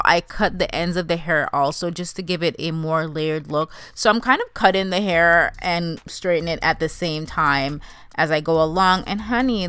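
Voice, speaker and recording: A woman's voice: fairly low pitch, a bit bright, smooth, dry recording. A young woman narrating a wig tutorial in a casual, chatty way, calling her viewers "you guys" and "honey". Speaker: beauty vlogger.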